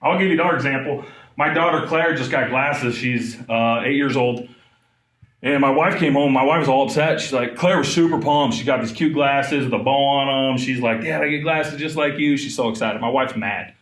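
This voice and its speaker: A man in his thirties giving a live trauma training talk, animated and conversational, often asking the room questions. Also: medium pitch, normal speed. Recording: echoey room.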